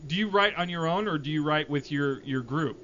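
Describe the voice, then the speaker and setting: A man's voice: fairly high pitch, fairly quick, fairly bright tone. A man hosting a podcast in casual chat, joking and eager, laughing often. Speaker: podcast host. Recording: dull lo-fi podcast audio with faint noise.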